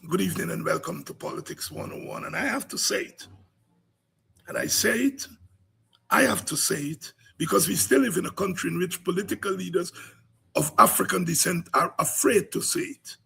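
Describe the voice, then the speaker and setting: A man hosting a political podcast, delivering impassioned commentary with rhythmic repetition that builds to shouts. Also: sits high, normal speed, gravelly, breathy edge.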